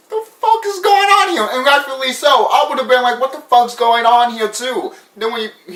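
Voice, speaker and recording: A man giving a casual, excitable film review, swearing often and laughing. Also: on the high side. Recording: echoey room, mic at a distance.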